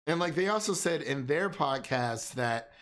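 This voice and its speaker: A young man leads a loose film discussion among friends, his voice sitting a little high for a man. He rambles with restarts and bursts into laughter often. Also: lively intonation, normal speed, a bit bright. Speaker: film podcast host. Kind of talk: casual chat.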